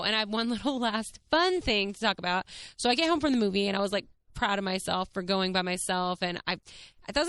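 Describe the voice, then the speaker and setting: Bright, chatty woman podcast host. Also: mid-range voice, clean tone, dry recording. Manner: chatty, rambling, animated retelling with laughs. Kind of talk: casual storytelling monologue.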